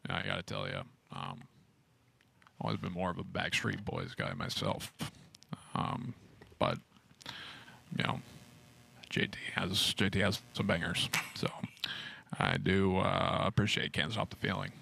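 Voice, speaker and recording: A man doing an impression of a flat, gloomy older coach who mumbles in a low monotone. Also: a little slow, vocal fry, long pauses, slight background noise, exaggerated voice. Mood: deadpan.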